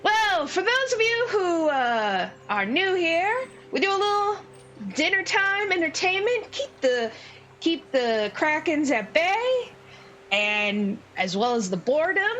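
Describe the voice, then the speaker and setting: A jolly young gnome showman with a bizarrely booming voice, as a woman puts him on, calling out to a crowd in high, bouncy tones. Loud, jaunty announcer patter in a tabletop game, over a faint hiss of noise. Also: sing-song, takes it slowly, exaggerated voice.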